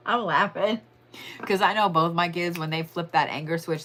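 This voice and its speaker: Woman, casual card reader, lowish voice with a sharp bright edge, swears freely and draws out key words. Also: a little hiss or hum. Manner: chatty, profane, drawn-out emphasis. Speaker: tarot and astrology reader. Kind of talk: casual weekly horoscope reading.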